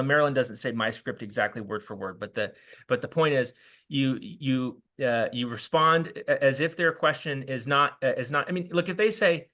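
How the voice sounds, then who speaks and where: An American man giving a volunteer training talk, halting with many restarts and acting out doorstep exchanges. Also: mid-range voice, pushed and bright. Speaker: canvassing trainer.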